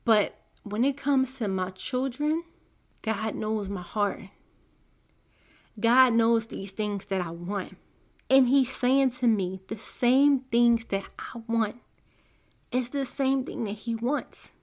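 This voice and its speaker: A woman's voice: on the high side, slow. A mother hosting a faith podcast, speaking in an earnest, confiding monologue to her listeners. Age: young adult to middle-aged, a mother. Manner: earnest, confiding, soft-spoken. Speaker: podcast host.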